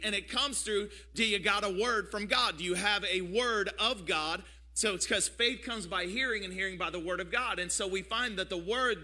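A middle-aged man preaching a sermon as a pastor, with a repetitive cadence and calls for the congregation to answer back. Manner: builds to louder, higher passionate preaching.

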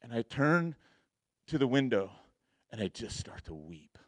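A man's voice: mid-range voice, sing-song, measured pace, dry recording, studio quality. A young man telling a personal story in a sermon, casual and slangy, laughing often and acting out his own lines. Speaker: preacher.

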